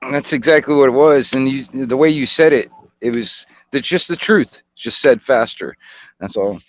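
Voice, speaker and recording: An American man hosting a casual call, halting and filler-heavy, with slang like "dude". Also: mid-range voice, highs cut off. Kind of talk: casual chat on a video call.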